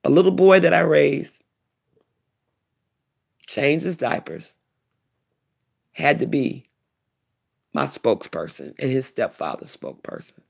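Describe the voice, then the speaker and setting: A middle-aged woman tells a personal story with deep feeling, her voice gravelly and a little husky. Her pitch swings up and down a great deal as she repeats herself for emphasis. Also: takes it slowly, long pauses. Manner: animated, repetitive storytelling. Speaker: vlogger, self-described prophetess. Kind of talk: emotional personal testimony.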